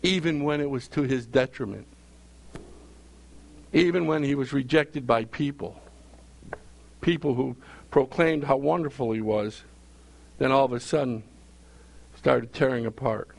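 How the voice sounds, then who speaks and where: A man's voice: medium pitch, measured pace, gravelly, long pauses. A male pastor preaching a sermon, repeating phrases for emphasis and calling out questions to his congregation.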